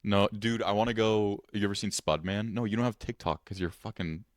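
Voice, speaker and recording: A man's voice: on the low side, fairly quick, no room sound, studio quality. A man co-hosting a podcast, teasing his friend with profane, joking banter. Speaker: podcast co-host. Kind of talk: casual chat.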